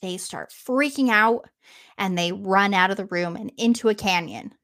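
A woman's voice: medium pitch, moderate pace, a bit bright. A woman retelling an old myth in a casual, chatty way, with laughing asides. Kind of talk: casual storytelling.

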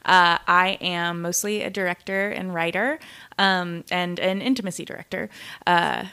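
A woman's voice: fairly low pitch, fairly even intonation, moderate pace, sharp tone, clean tone. A young woman, a director, speaking as an enthusiastic podcast guest with frequent fillers. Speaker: director and intimacy director.

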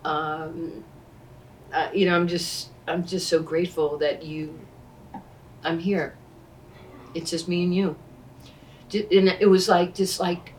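A woman in her sixties tells her stories with a low voice, slipping into the voices of the people she quotes. The mic sits some way off, so she sounds a little distant. A faint hum of ambience lies underneath. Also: moderate pace, long pauses. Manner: animated, acts out quoted speech. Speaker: interview guest. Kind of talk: conversational storytelling.

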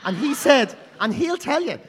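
A man's voice: very high-pitched, big pitch swings, moderate pace, fairly bright tone, long reverb tail, slight background noise. A man with a Dublin accent, chatting on a podcast and telling stories bluntly, swearing a lot and laughing often. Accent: Irish, Dublin. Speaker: podcast co-host. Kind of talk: casual chat, storytelling.

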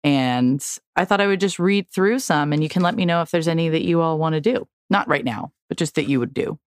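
A woman's voice: deep voice, fairly quick, dry recording. A woman co-hosting a podcast, reading a list of dares aloud with dry jokes in casual chat. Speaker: podcast co-host.

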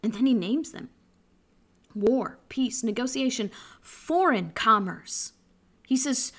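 A woman's voice: a little high, lively intonation, slow, long pauses. A woman hosting a podcast and giving an impassioned political commentary monologue, preachy in tone and often restarting her sentences. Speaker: podcast host.

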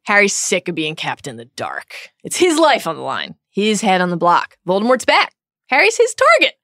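A woman's voice: medium pitch, wildly swooping pitch, moderate pace, pushed and bright, dry recording, studio quality. A woman co-hosting a podcast, retelling a book with energy and adding wry asides. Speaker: podcast co-host.

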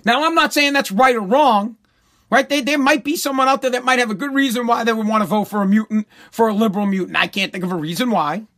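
A middle-aged man with a strikingly high voice tears into his subject as a talk host. He is blunt and profane. He repeats short phrases to drive each point home. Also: quick pace, bright, forceful tone. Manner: blunt, repetitive, profane ranting. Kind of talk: profane political rant.

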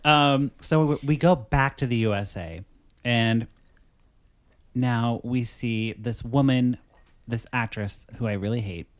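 A man's voice: mid-range voice, takes it slowly. A man hosting a podcast, recapping a film in a rambling, joking way and acting out its lines. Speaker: podcast host reviewing a film. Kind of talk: casual chat.

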